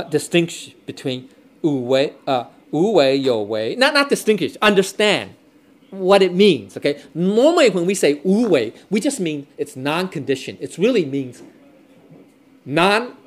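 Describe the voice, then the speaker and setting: A man's voice: on the high side, big pitch swings, a little slow. A man teaching a Dao scripture lesson in a loose, repetitive way, constantly checking in with his class and mixing in Chinese readings. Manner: repeats himself, checks in with "okay? right?"; switches between English and Chinese readings.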